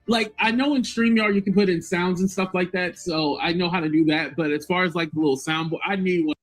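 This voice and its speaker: A man's voice: high voice, normal speed, a bit bright, faint music behind. A man co-hosting a livestream commentary, who laughs often and mimics other people.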